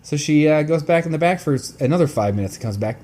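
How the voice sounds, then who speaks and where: A man co-hosting a casual podcast, telling a story with animated swearing and acting out both sides of the conversation. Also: fairly high pitch, quick pace. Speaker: podcast co-host. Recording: new, not set up home room.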